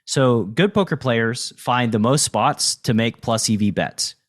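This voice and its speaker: A man's voice: medium pitch, unhurried. A man hosting a podcast in casual conversation about poker, talking loosely with lots of fillers and the odd swear word. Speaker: podcast host and poker coach.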